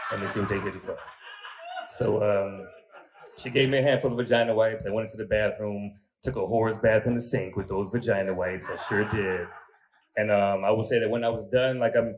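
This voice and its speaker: A man telling stand-up stories, animated and prone to loud, high exclamations. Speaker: stand-up comedian. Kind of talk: stand-up storytelling.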